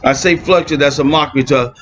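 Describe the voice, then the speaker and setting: A man in an impassioned religious rant, streetwise and mocking, swinging between shouting and muttering. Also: fairly high pitch, fairly even intonation, fast. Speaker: religious video blogger. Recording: muffled lo-fi with faint hiss.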